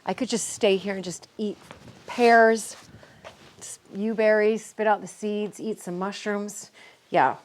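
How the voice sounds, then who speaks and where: A woman's voice: mid-range voice, steady tone, slow, slight background noise. Bubbly, chatty American woman vlogging. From United States. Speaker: vlogger touring her estate. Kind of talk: casual vlog chat. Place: outdoors on a country estate, then a church.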